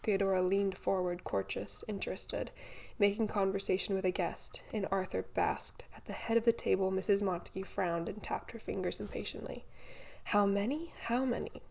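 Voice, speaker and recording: Audiobook narrator, woman, creaky texture, calm measured reading. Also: medium pitch. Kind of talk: scripted novel narration.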